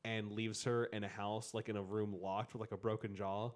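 Casual male storyteller, lower voice, rambling and filler-heavy, conversational. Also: flat delivery, moderate pace.

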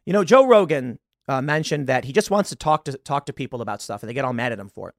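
A fired-up man in his thirties rants through a podcast monologue, his voice bouncing up and down in pitch as he argues his point. He stumbles over restarts and pushes hard on key words. The sound is close and dry. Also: fast talker, no room sound. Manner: animated and combative, with emphatic outbursts and stammered restarts. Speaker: podcast host. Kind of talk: opinionated monologue.

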